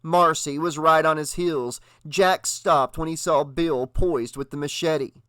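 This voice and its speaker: Guy narrating a horror audiobook, dramatic read, kinda high voice, no room echo. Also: steady tone, slow pace, a bit bright.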